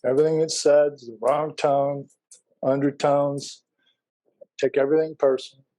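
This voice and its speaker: A middle-aged man leads a Bible class, talking casually and drifting into personal stories while he tosses questions to the room. His voice sits a little high but has a dark, mellow tone. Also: level tone, normal speed, poor audio. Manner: folksy, anecdotal, asks the class questions.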